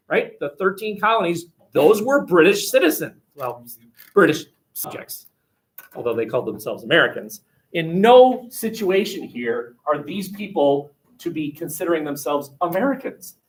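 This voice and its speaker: A man's voice: fairly high pitch, sing-song, normal speed. A male history teacher lecturing a class in a conversational, rambling and wry way, recorded by webcam in a classroom.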